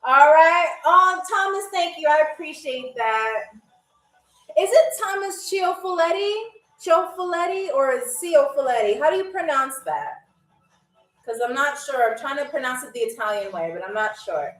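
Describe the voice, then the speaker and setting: A high-pitched woman hosts a live trivia game show, teasing her commenters playfully and sounding phrases out slowly. She stands a bit back from the mic in an echoey room, with faint music behind her. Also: lively intonation, fairly bright tone, recorded from a distance. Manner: slow, careful spelling-out of foreign phrases.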